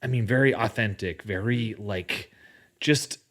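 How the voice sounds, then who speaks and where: Here a man with a lowish, slightly bright voice talks unhurriedly as a podcast guest. The chat is casual and reflective: he keeps restarting and circling back, fills pauses often, and lets out light laughs.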